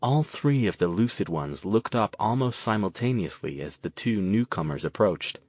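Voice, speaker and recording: A man narrating an audiobook in a steady, even storytelling manner. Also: lowish voice, normal speed, no echo. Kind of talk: scripted narration.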